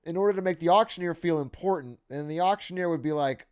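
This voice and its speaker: A man's voice: a little high, quick pace, clear, resonant tone. A man streaming live, reacting to a video with casual, swearing, laughing comments.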